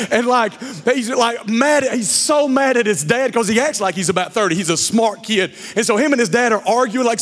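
A middle-aged male pastor preaching a sermon, telling a story with lively acted-out quotes and then speaking to the congregation. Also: extremely high pitch, brisk, hardly any pauses, a little hiss or hum. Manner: animated storyteller, acts out quotes loudly. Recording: long hall reverb.

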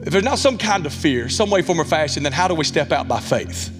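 Speaking fairly quickly with lively intonation and a somewhat high voice, this Alabama pastor in his thirties gives a candid, folksy sermon peppered with asides. The church sanctuary lends long reverb, and music plays in the background.

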